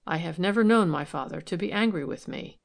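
A man's voice: high voice, fairly quick, vocal fry. A woman reading the lines of a troubled young man who speaks soberly and wistfully in an audiobook.

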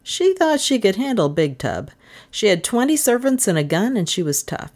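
A woman reading a hardboiled comic novel aloud as audiobook narrator, brisk and wry. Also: medium pitch, big pitch swings, darkish tone. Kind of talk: scripted narration.

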